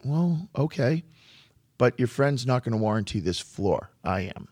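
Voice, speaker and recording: A man who runs a flooring business tells work stories in a relaxed conversation, often repeating a word while he gathers his thoughts. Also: mid-range voice, moderate pace, dry recording, clean studio sound. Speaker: flooring contractor. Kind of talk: storytelling in a podcast conversation.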